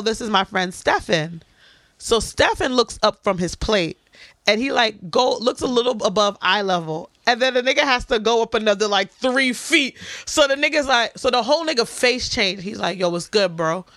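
A woman's voice: a little high, animated, normal speed, a bit bright, dry recording. A woman co-hosting a casual podcast, telling a profane story and acting out everyone's lines. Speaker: podcast co-host.

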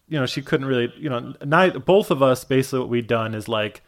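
A man's voice: mid-range voice, quick pace. A man telling a long personal story in casual chat, rambling with lots of fillers and acting out quoted voices.

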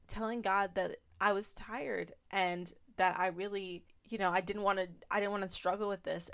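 A young woman with a slightly low voice tells her own faith testimony on a podcast. She speaks earnestly and with feeling. Her telling is loose and heartfelt, full of little fillers. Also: fairly bright tone. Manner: earnest, emotional storytelling with many fillers. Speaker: podcast host.

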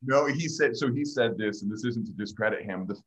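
A man's voice: mid-range voice, a little fast, a bit bright. A man hosting a casual podcast chat, thoughtful and analytical, laughing easily as he talks.

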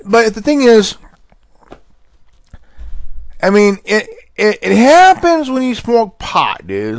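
Casting: high, lively male host, laid-back, slangy, profane, dry close sound. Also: dry recording. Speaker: podcast host. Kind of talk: rambling casual monologue.

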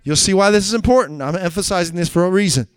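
Male preacher, high clear tenor, dry close sound, emphatic sermon delivery with slow stretched-out scripture quotes. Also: no room sound. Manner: emphatic, swings between loud urgent exhortation and low quiet asides.

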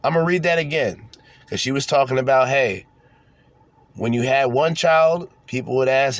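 Young guy on his podcast, mocking and swearing, mid-pitch voice. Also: normal speed, dry recording. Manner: sarcastic, profane, mocking asides. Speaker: podcast host. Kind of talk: casual unscripted rant reading articles aloud.

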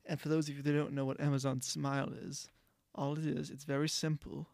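Gravelly, flat-voiced male podcast host. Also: on the high side, brisk, dry recording, studio quality. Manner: rambling, frequent restarts and self-corrections. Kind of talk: casual solo podcast talk.

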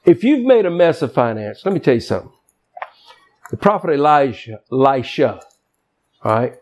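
A man's voice: mid-range voice, very animated, normal speed, a little mellow. A man preaching a sermon as pastor, emphatic and folksy, with casual, colloquial asides.

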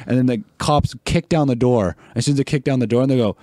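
A young man telling animated stories as a podcast guest, swearing freely and laughing often. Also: mid-range voice, quick pace, few pauses, no echo, studio quality. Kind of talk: casual podcast chat.

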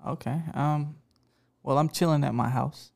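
A man's voice: fairly high pitch, steady tone, measured pace, creaky. A man in casual banter, needling and teasing his friends.

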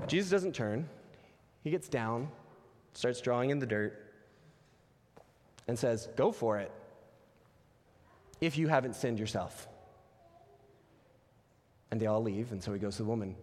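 A man preaching a conversational Easter sermon, retelling stories and dropping soft and low when he quotes God. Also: lively intonation, measured pace, pauses often. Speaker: pastor. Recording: long hall reverb.

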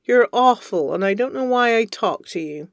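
A reader voicing a cool, sharp-tongued young woman, arch and mock-offended, in a fan fiction audio reading. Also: medium pitch, expressive, moderate pace, no echo, studio quality, lightly acted. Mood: arch teasing.

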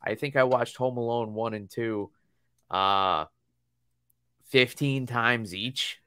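A man's voice: medium pitch, slow pace, bright, forceful tone, clean tone, no room sound, studio quality. A man in his thirties chatting casually on a podcast, telling long rambling stories and laughing often. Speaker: podcast co-host. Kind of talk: casual chat.

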